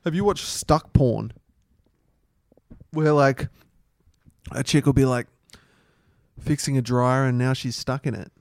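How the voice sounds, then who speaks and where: A man, co-hosting a podcast, throwing in quick crude quips. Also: mid-range voice, gravelly, a little mellow, dry recording. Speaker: podcast co-host. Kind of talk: casual chat.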